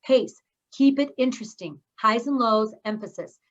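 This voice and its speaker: Fast-talking woman speaking coach. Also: a little high, highs cut off. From Scotland. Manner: fast-talking, with sudden pauses and stressed words. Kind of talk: online course teaching. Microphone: video call.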